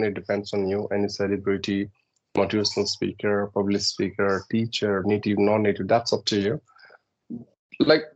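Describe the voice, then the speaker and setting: A podcast guest explains English pronunciation tips step by step, peppering his instructive chat with "uh"s and "right?" checks. His voice is on the low side, and the audio is dull.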